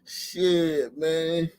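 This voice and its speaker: A man hosting a livestream, riffing casually with lots of cursing and laughter, ending almost every line with "man.". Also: fairly high pitch. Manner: profane, laughing, ends lines with "man". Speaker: livestream host. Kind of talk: casual commentary.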